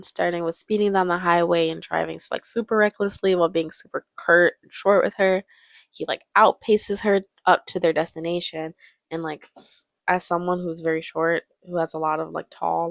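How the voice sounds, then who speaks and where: A woman's voice: lowish voice, vocal fry, dry recording, clean studio sound. A young woman giving casual, joking movie commentary, laughing often.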